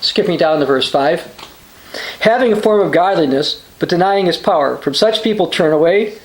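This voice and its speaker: Male preacher, high-pitched, reads quotes and scripture for a sermonette, some hesitations; roomy echoey sound. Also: animated, normal speed. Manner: reads quotations aloud with frequent uh and restarts. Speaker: preacher hosting a religious news channel. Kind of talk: short sermon reading news and scripture.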